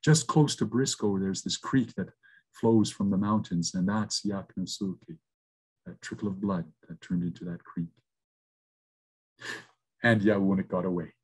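A man from Canada telling a traditional story over a video call, rhythmic with repeated phrases and slow pauses. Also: low voice, slightly rough.

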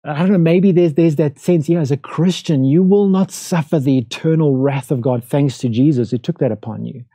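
A man preaches a streamed sermon from a church room in a very dark, mellow voice. He talks to the congregation conversationally and keeps asking them rhetorical questions. The sound is close and dry. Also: on the high side, moderate pace, hardly any pauses, no echo. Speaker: pastor. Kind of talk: livestreamed sermon. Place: church room, during lockdown.

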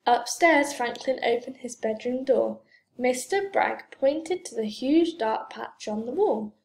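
A woman reading a children's storybook aloud in a gentle, expressive way. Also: a little high, measured pace. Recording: roomy echo.

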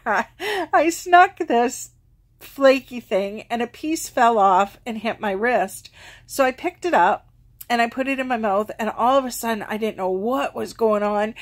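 A middle-aged woman talking straight to her viewers in a relaxed vlog. She tells her story in a chatty, self-deprecating way and laughs at her own mishaps. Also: on the high side. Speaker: vlogger. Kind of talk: casual personal storytelling.

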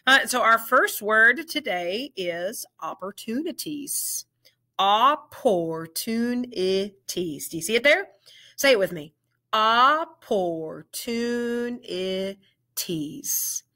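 A woman teacher leading a children's reading lesson, drawing out each word slowly and praising the learners warmly. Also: fairly high pitch, sing-song. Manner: slow, drawn-out word drills with encouraging praise.

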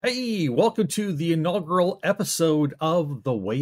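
A man's voice: a little high, lively intonation, normal speed. Flustered stammering male comedy host. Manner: exasperated, stammering, bursts into yelling. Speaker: show host. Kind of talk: comic monologue arguing with a silent sidekick.

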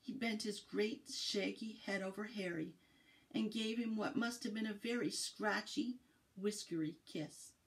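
A woman from a library reading a children's book aloud in an expressive storytelling cadence. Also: mid-range voice, a little slow, gravelly, low-quality recording.

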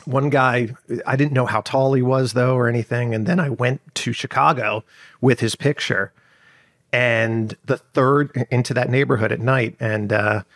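Gravelly-voiced man telling a story. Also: mid-range voice, a bit bright, no echo, clean studio sound. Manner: rambling, lots of fillers and restarts. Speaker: journalist guest. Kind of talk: conversational storytelling.

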